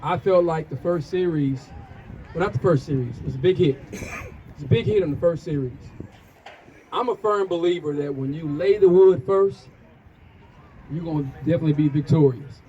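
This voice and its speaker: A man's voice: fairly high pitch, moderate pace, long pauses, warm tone, dull audio, a little hiss or hum. A man hosting a youth football show, interviewing players and coaches outdoors at a field with upbeat, punchy promoter's hype. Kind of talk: sideline interview after a game.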